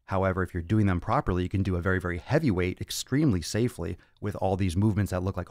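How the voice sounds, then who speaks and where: A man's voice: low-pitched, fast, few pauses, darkish tone, dry recording, clean studio sound. A man hosting a fitness podcast, answering listener questions in a blunt, profane, lecturing way. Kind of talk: blunt Q&A monologue.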